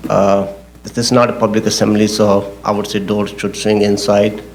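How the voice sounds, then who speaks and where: A man, the project engineer, presenting his case at a public zoning hearing in a halting, technical way, often repeating himself. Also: on the low side, monotone.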